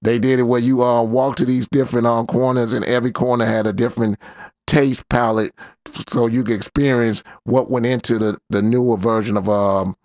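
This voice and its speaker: A man's voice: medium pitch, fairly even intonation, a little fast, a little mellow, dry recording, clean studio sound. A man hosting a casual commentary show, talking in a loose slangy way with lots of fillers. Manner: laid-back slangy rambling, many fillers. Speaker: host.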